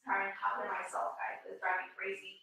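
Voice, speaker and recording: A woman's voice: mid-range voice, level tone, quick pace, gravelly, pushed and bright. A woman hosting a casual tarot livestream, frustrated and muttering to herself, sometimes swearing, then reading viewers' questions. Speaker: tarot reader and livestream host. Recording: echoey room.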